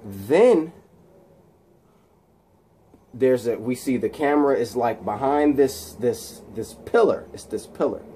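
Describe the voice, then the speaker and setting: A man casually retelling a film scene by scene, halting and restarting his words. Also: medium pitch, animated, dark tone, a little hiss or hum.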